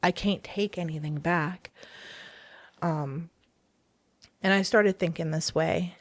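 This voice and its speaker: A woman's voice: fairly low pitch, slow pace, dry recording. A woman telling her personal story of faith as a guest in an interview, earnest and hesitant, often restarting her sentences. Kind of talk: personal testimony in a podcast interview.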